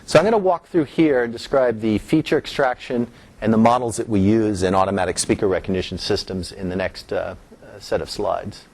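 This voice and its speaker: A man's voice: lowish voice, fairly quick, vocal fry, darkish tone. A middle-aged man giving an academic lecture, explaining step by step and lifting his voice on key terms. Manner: explanatory, rising emphasis on key terms, some restarts.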